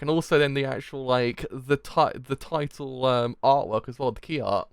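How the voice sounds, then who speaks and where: A young man streaming a live manga reaction, reading the panels aloud and swearing as he shouts in disbelief. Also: mid-range voice, moderate pace, gravelly, few pauses, clean tone, dry recording, studio quality. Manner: reads manga dialogue aloud.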